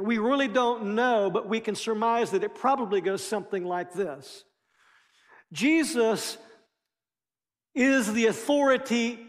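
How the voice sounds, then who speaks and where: A man preaching a sermon as lead pastor, animated, with playful voiced asides. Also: high-pitched, in a large hall.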